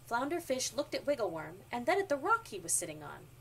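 Woman narrating a picture book; animated and expressive; distant mic, faint noise. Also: a little high, brisk. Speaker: storyteller. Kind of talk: children's storybook reading.

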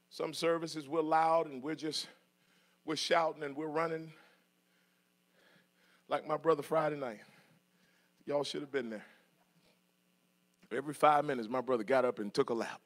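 A middle-aged man preaching a sermon in church, moving from soft asides to shouted passages and joking with the congregation. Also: on the high side, steady tone, normal speed, pauses often. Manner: jokes with congregation, laughs. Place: church sanctuary.

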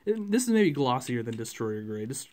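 A man's voice: medium pitch, very animated, normal speed, darkish tone. A man, casually reviewing a model truck in a rambling, chatty way with many fillers.

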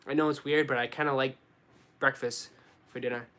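A young man with a Boston accent, chatting casually on a live stream and answering viewers, relaxed and full of slang. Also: mid-range voice, a little fast. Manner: relaxed, slangy, says dude and bro a lot. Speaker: sneaker YouTuber answering live chat.

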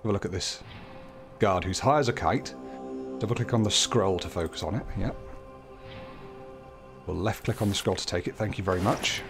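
A man's voice: fairly low pitch, normal speed, pauses often. A man hosting a casual let's play, chatting along and reading on-screen text aloud with light jokes. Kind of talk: casual gameplay commentary. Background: game music.

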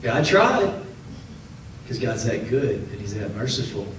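A man preaching a sermon as pastor, animated, acting out the people in his stories and laughing often. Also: medium pitch, a little slow, far from the mic. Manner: animated, acts out quoted voices, laughs often. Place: church sanctuary. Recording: echoey hall, preacher off-mic, faint noise.

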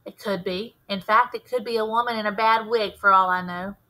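A woman reading a calm, persuasive male detective. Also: mid-range voice, brisk, close to an everyday voice, low-quality recording. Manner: firm, reasoning, reassuring. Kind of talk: read-aloud character voice.

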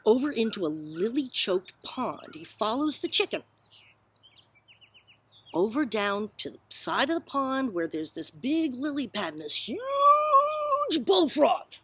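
A woman's voice: mid-range voice, sing-song, a little slow, slightly rough, dry recording. A woman telling a joke in a casual backyard vlog, playfully acting out the squawks of animals. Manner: playful storyteller, squawks loudly for animal voices. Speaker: vlogger. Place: outdoors in a backyard.

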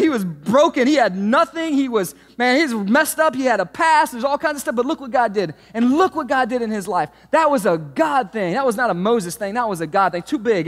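High-voiced preacher in a reverberant hall. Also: male voice. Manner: animated storytelling, swings from hushed to shouting. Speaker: pastor. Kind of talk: sermon. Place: church auditorium.

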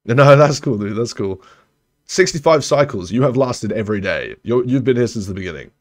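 A man's voice: lively intonation, normal speed. A young man, casually commenting while playing a colony-building game, rambling and correcting himself as he goes. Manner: chatty, rambling, self-correcting, trails off low. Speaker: gaming streamer. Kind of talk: casual let's-play commentary.

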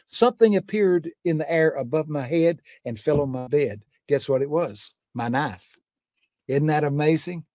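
An older man with a slightly high voice tells faith stories in a homespun, fervent way. He keeps coming back to emphatic refrains as he talks. The sound is close and dry, with no room echo. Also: normal speed, darkish tone. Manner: folksy, fervent, repeats "I'm telling you". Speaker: guest preacher. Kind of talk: testimony storytelling in a conversation.

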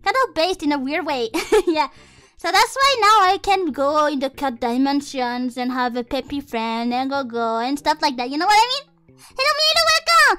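A woman's voice: extremely high pitch, sing-song, normal speed, sharp tone, soft background music. A woman streamer chatting casually and playfully with her viewers, swearing often and reading chat aloud. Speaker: VTuber streamer.

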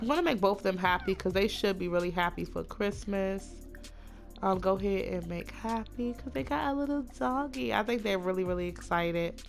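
A woman chatting casually through a life-sim game, gushing over her characters and voicing them in quick asides. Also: mid-range voice, vocal fry. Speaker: Sims let's play narrator. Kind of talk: casual gameplay commentary.

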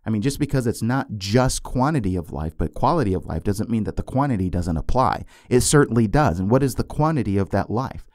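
A man's voice: on the low side, expressive, fairly quick, hardly any pauses, darkish tone, no echo, clean studio sound. A man teaching the Bible on a podcast, earnest and emphatic, repeating key words and checking in with "okay?" and "right?".

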